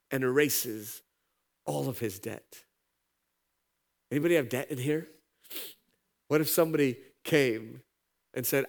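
A pastor giving a sermon, telling a parable and voicing its characters with sudden high-pitched lines. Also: male voice. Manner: animated, acts out parable characters with pitch jumps.

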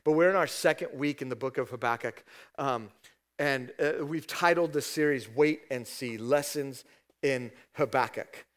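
A man's voice: mid-range voice, normal speed. A middle-aged man, a pastor, preaching a sermon in a conversational storytelling way, often tagging "right?" onto his sentences.

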